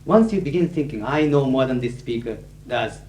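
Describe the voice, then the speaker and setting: A man's voice: medium pitch, animated, moderate pace, a little mellow. Japanese-accented middle-aged man lecturing in an echoey hall. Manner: anecdotal, self-deprecating, frequent uh fillers. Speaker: conference interpreter giving a lecture. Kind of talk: humorous lecture to an audience. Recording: echoey hall, faint hiss, 1980s tape.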